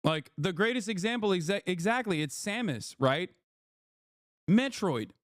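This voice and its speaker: A man with a fairly high voice giving streamed reaction commentary, blunt and profane, pressing his points hard and tossing in "okay?" again and again. The sound is dry and close, with no room around it. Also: expressive, a little slow, no room sound. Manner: blunt, profane, emphatic, often says "okay?".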